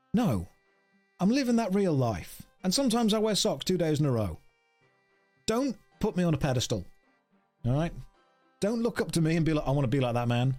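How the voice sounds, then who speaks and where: A man's voice: on the high side, darkish tone. Brief: joking male game streamer, light upper voice, chatty with his audience. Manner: playful, joking, chatty with chat. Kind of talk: casual game stream chat with viewers.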